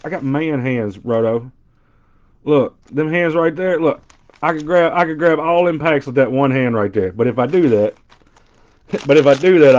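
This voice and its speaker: Middle-aged Southern guy, twangy, playful live-stream banter, slightly high voice, dull audio. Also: a little hiss or hum. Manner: joking, animated banter with chat, loud impressions. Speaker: card breaker. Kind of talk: casual live card-break chat.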